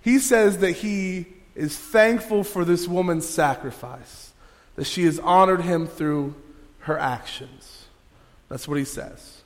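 A man's voice: high-pitched, takes it slowly. A male pastor preaching a sermon in a conversational way, with many fillers and restarts. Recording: long hall reverb.

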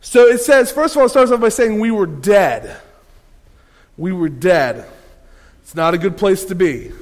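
A man preaching a sermon, telling a lively personal story with playful asides to the congregation. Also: sits high, measured pace. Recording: long hall reverb.

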